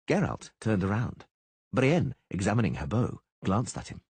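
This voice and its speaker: A man reading an audiobook, his voice low and husky, with pitch moving widely. The sound is close and dry, with no room around it. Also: normal speed, no echo. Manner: expressive storytelling. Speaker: audiobook narrator. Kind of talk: audiobook narration.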